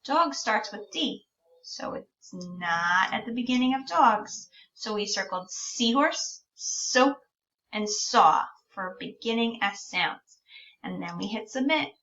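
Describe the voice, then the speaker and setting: A woman with a bright, fairly high voice guides young children through a speech-sound lesson, sounding out each word and drawing it out. She speaks very slowly and patiently. The recording is dull and lo-fi, and she sits a little away from the mic. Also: animated, recorded from a distance, slight background noise. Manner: slow, drawn-out sounding out of words. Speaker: teacher.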